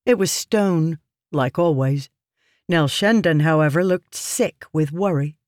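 A narrator reading a fantasy novel aloud in a measured, deliberate manner. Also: mid-range voice, a little mellow, dry recording, clean studio sound. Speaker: audiobook narrator.

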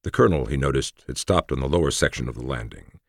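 Super deep husky guy narrating a story, gravelly, dry close sound. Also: no echo. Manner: measured, even storytelling. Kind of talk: audiobook narration.

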